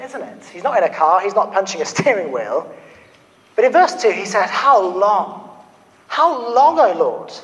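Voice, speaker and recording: A man preaching a sermon, his voice sitting high for a man. He talks earnestly and keeps turning questions back on his listeners. A long reverb hangs behind him, as in a church hall.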